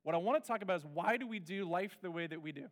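A middle-aged pastor telling a personal story in a sermon, candid and animated, dropping to soft confessional tones. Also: male voice, sits high, rapid-fire.

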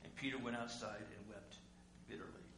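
A male pastor preaching a sermon conversationally, asking rhetorical questions and swinging between loud and quiet. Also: fairly low pitch, fairly even intonation, moderate pace. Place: church sanctuary. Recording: echoey room with faint hum.

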